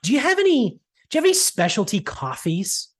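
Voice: mid-range voice, sing-song, brisk, voice pushed up. A storyteller voicing a fussy middle-aged female customer who asks entitled questions in a whiny voice.

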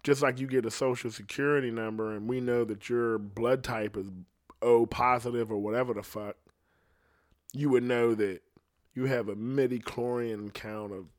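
A man's voice: mid-range voice, fairly even intonation, unhurried. A man, a singer, in a loose, rambling monologue, full of swearing and meandering asides. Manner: profane, meandering, laid-back storytelling. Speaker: singer talking on a podcast.

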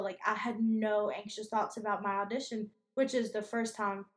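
A woman's voice: mid-range voice, flat delivery, moderate pace, few pauses. A young woman, a college student chatting on a podcast, telling stories animatedly and laughing often. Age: young adult. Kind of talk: casual podcast chat. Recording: echoey room.

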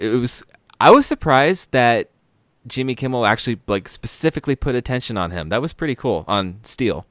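A man hosts a casual podcast chat with a low, smooth, resonant voice. He rambles cheerfully and corrects himself mid-thought. The sound is close and dry. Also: a bit bright, no echo. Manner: rambling, self-correcting, upbeat. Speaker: podcast host.

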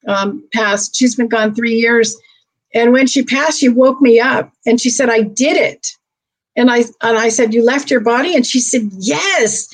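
A woman chatting casually as a guest, telling stories with lively quoted voices. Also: high voice. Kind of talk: casual chat.

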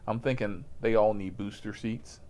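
A man's voice: lowish voice, steady tone, normal speed, mellow. A man telling a profane, comic story about his rideshare job in a casual voice, laughing at himself as he goes.

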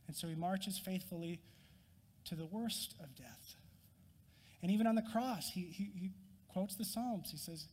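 Husky-voiced male pastor preaching. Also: sits high, moderate pace, in a large hall. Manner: earnest, rises in emphasis then drops quiet. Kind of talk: sermon.

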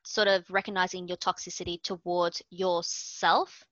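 A woman's voice: lowish voice, flat delivery, moderate pace, a bit bright, dry recording. A woman co-hosting a casual podcast chat, chatty and given to swearing and restarts. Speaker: podcast co-host. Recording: dull, lo-fi, dry sound.

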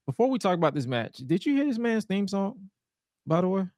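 A man's voice: high voice, fairly quick, no echo, clean studio sound. A man co-hosting a podcast, recapping old wrestling shows in a casual chat and acting out the wrestlers' lines in silly voices. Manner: animated storytelling, acts out wrestlers' lines in goofy voices. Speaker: podcast co-host.

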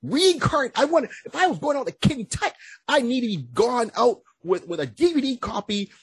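A man co-hosting a podcast in casual chat, talking excitedly, with stammering restarts and whoops. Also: extremely high pitch, moderate pace, husky, no room sound. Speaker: podcast co-host.

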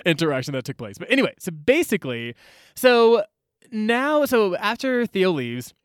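Animated man recapping a book, filler-heavy. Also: sits high, moderate pace, smooth, no room sound, clean studio sound.

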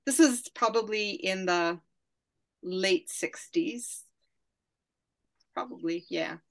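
A woman's voice: mid-range voice, slow pace, gravelly. Lady in her 60s, wry and teasing, casual book podcast cohost. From Canada. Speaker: podcast co-host.

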